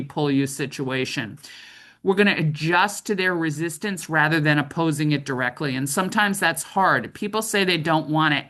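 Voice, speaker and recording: A woman's voice: low-pitched, fairly bright tone. A middle-aged woman trainer giving a conversational training lecture, often checking in with "right?".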